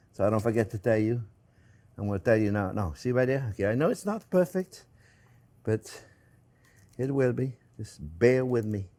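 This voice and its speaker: An older man with a French accent, hosting a cooking demonstration in a chatty way, laughing at himself as he works. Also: medium pitch. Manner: chatty, animated, self-mocking asides with chuckles. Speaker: cooking show host.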